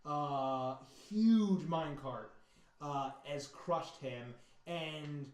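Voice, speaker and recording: A man narrating as game master, animated, breaking into loud sound effects and voices. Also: fairly high pitch, very slow. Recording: roomy mic with background music. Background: faint music.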